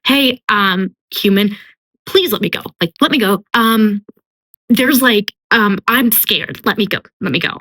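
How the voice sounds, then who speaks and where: A frightened fairy creature stammers and pleads, as a woman voices it in a book summary. The voice is bright and sharp, full of hesitant ums and repeated begging. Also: medium pitch, expressive, a little slow, no room sound, heavily acted, rough recording. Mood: scared pleading.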